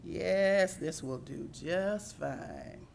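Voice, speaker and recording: A woman voicing a lazy male dog, slow and unbothered. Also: on the low side, vocal fry, a little mellow, slight background noise, exaggerated voice.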